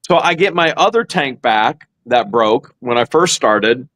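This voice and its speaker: A man's voice: mid-range voice, animated, measured pace, a bit bright, low-quality recording. A man co-hosting a casual chat, telling a long story and acting out his own quotes. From Ohio, USA. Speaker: co-host.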